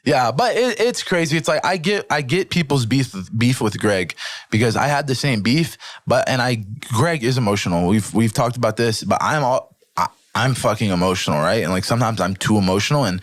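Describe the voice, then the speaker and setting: A young man as a podcast guest, talking in a casual, animated way and often checking in with "right?". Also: medium pitch, a little fast, no echo, studio quality. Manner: animated storytelling with frequent swearing and "right?" check-ins.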